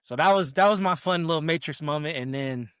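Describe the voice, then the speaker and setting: A young man with a fairly high voice tells a story on a podcast. He talks casually and acts out the people in it. His voice is close to the mic and dry. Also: brisk, clean tone, no room sound. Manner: animated, acts out quotes in raised voices. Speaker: podcast guest.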